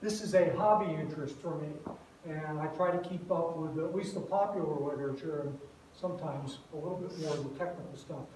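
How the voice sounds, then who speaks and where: A man's voice: fairly high pitch, brisk, background noise. Older retired man lecturing in an echoey hall. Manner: relaxed, self-deprecating, with fillers. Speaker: guest speaker. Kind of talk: lecture to a campus group. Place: large echoey room. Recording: echoey room, far from mic.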